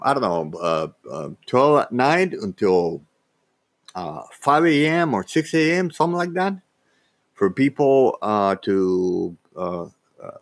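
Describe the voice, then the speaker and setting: A man telling a personal story in a rambling, animated way, full of fillers and restarts. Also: fairly low pitch, dry recording.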